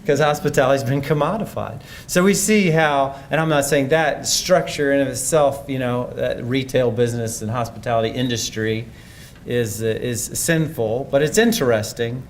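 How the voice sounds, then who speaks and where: A medium-pitched man gives a conference talk at a normal speed, with a little noise in the background. He comes across as reflective and conversational, repeatedly restarting what he's saying.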